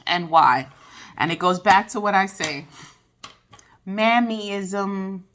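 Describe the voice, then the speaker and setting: A woman's voice: mid-range voice, takes it slowly, noisy background. A woman reviewing a documentary in a casual vlog, talking candidly with plenty of swearing and side tangents. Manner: candid, profane, digressive. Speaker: video reviewer.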